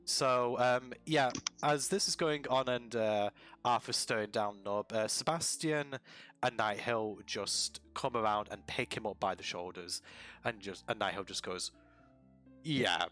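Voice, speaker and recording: A man narrating a tabletop game as game master over a voice call, relaxed and rambling with many fillers. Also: fairly low pitch, a little slow, soft background music.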